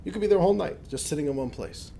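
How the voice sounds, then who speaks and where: A man, a rabbi, telling a personal story in a lively, conversational lecture with frequent restarts. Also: on the high side, very fast, vocal fry, a little hiss or hum. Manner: animated anecdotal storytelling with many restarts.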